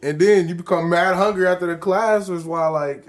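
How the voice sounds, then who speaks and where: A man's voice: high voice, a little fast, slight background noise. Laughing young man, crude banter. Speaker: podcast co-host. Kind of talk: casual chat.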